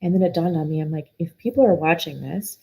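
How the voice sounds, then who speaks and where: A woman's voice: low-pitched, fast talker, vocal fry, dark tone, husky, low-quality recording. A middle-aged woman guest telling a personal story in an earnest, emotional way, often restarting her sentences.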